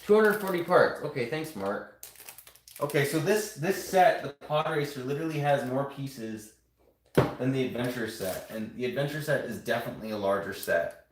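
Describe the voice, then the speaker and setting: A man's voice: medium pitch, lively intonation, normal speed, a little hiss or hum. A man chatting casually on a live stream, rambling to his viewers as he builds and shows off toy sets. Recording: roomy home room echo.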